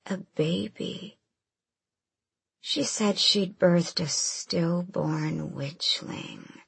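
A monstrous bloodhound, put on by a woman narrator, taunts its prey in a hushed, breathy whisper. It draws out every word slowly and menacingly, low and husky. The audiobook recording is close and dry. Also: dry recording, full character voice. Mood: taunting whisper. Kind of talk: audiobook narration with voiced characters.

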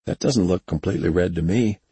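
A man's voice: low voice, brisk, dark tone, slightly rough, no room sound, exaggerated voice. A man doing a cocky, fearless gunner. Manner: brash, confident.

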